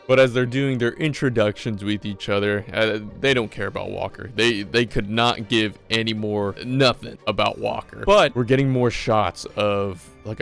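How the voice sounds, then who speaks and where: A man's voice: fairly low pitch, creaky, a bit bright. A man casually recapping a TV episode with jokes and swearing, often stumbling over repeated words. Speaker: video reviewer.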